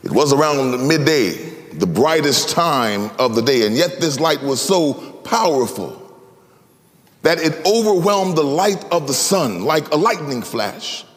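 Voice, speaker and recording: A male preacher delivering a dramatic sermon, his fairly high voice swooping widely in pitch. He slows down for emphasis and rises into sing-song phrases. Long reverb from a large hall trails each line. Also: sing-song.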